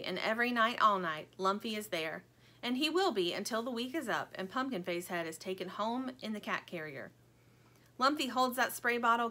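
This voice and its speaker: A woman reading a children's storybook aloud in an expressive, animated storytelling manner. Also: mid-range voice. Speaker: audiobook narrator.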